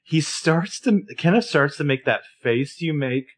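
Casual male podcast co-host. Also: fairly high pitch. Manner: animated retelling, quick quoted voices. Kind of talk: casual recap chat.

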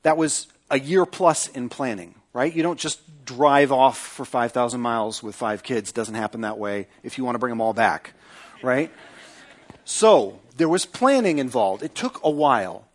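Middle-aged male pastor, sermon delivery, rhetorical questions to the congregation, quieter when praying. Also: lively intonation, normal speed. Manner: acts out quoted speech with lifted pitch; prays in a softer, lower voice.

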